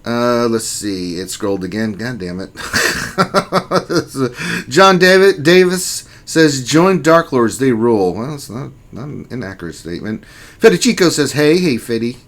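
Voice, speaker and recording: A man's voice: medium pitch, sing-song, a little slow, a bit bright. Laid-back joking man hosting a stream. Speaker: livestream host. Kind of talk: casual chat, greeting viewers and reading chat messages aloud.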